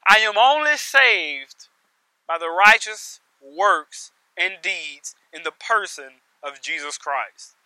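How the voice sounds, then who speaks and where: A man preaching a sermon with emphasis, piling up repeated phrases and swinging between loud stresses and hushed lines. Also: high voice, lively intonation, slow pace, no echo, rough recording.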